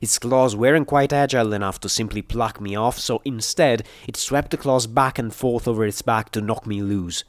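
A man reading an action story aloud in first-person narration, with steady, dramatic storytelling. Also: medium pitch, normal speed, few pauses, no echo. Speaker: audiobook reader.

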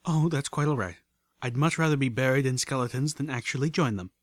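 A man's voice: mid-range voice, a little fast, no echo, studio quality, lightly acted. A man voicing a refined, gracious female pony singer with a prim, genteel manner in an audiobook reading.

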